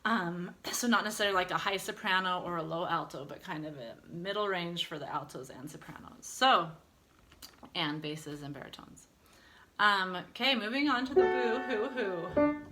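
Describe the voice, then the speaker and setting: A woman's voice: on the low side, moderate pace, bright, forceful tone, faint music behind. A woman singing teacher leading an online lesson, encouraging students and demonstrating vocal exercises.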